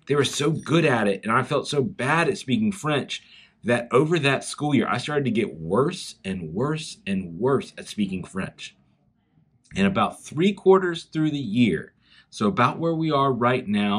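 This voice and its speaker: A man with a Southern US accent, from South Carolina, giving a chapel talk to schoolchildren and telling a story in an animated way straight to the kids. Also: medium pitch, slightly rough. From South Carolina, USA. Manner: animated storytelling, speaks directly to children.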